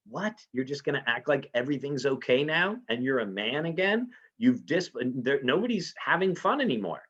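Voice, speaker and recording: In a slightly muffled lo-fi recording, a man teaches literature casually, often pausing to ask his audience "right?". His mid-range voice is fairly bright and slightly rough, swinging widely in pitch at a moderate pace.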